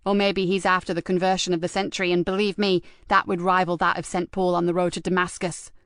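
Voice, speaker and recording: A woman's voice: fairly low pitch, flat delivery, fast talker, fairly bright tone, clean tone, no echo, clean studio sound, lightly acted. A woman voicing a sardonic, hard-drinking female detective. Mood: sarcastic. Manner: sarcastic, defiant. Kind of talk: audiobook character voice.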